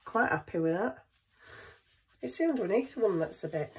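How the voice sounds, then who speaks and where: A woman's voice: medium pitch, animated, moderate pace, darkish tone, rough recording. A woman chatting casually in her home kitchen, thinking aloud as she works on a craft. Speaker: craft vlogger.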